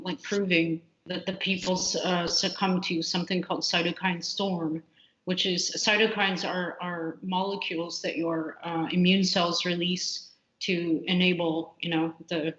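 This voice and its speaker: A woman with a fairly low voice answers interview questions in a loose, candid way, stumbling through fillers and restarts. Her voice carries a roomy echo. The audio is muffled and lo-fi. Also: fairly bright tone. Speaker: computational biologist guest.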